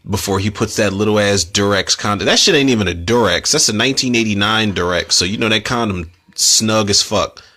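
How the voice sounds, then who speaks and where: A young man talks over a movie as commentary host, rambling through slang and freely dropped curses. His voice sits on the lower side but carries a forceful, bright edge. The talk is loose and chatty, full of asides.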